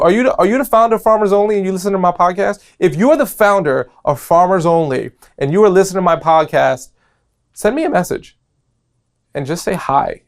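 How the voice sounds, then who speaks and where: A young man from New York with a New York accent, hosting a solo motivational podcast in a playful, rambling way full of jokes and tangents. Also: sits high. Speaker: podcast host.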